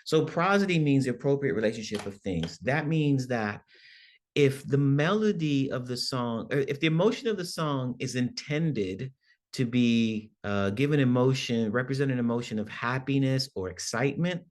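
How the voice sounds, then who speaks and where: A man's voice: mid-range voice, normal speed. A man, a songwriting professor, giving a conversational workshop lecture, often checking in with "right?" and acting out examples in different voices. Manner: animated, demonstrates with acted-out voices.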